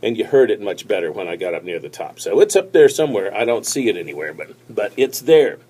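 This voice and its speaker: A man giving casual tips on presenting, talking to a tablet camera in a relaxed, rambling way with many fillers and restarts. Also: fairly low pitch, fast, slightly rough. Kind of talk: casual instructional talk to camera. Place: seated, recording on a tablet. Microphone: tablet's built-in mic.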